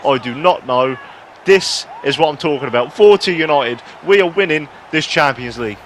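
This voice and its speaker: Brief: man, high voice, excitable play-by-play football game commentary with self-mocking asides. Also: moderate pace, slight background noise. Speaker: gaming YouTuber.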